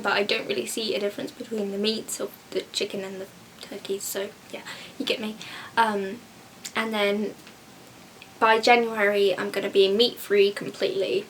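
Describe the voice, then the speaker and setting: A woman's voice: mid-range voice, recorded from a distance, slight background noise. A teenage girl from England answering viewer questions in a casual, chatty rant, often mimicking other people. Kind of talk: casual chat.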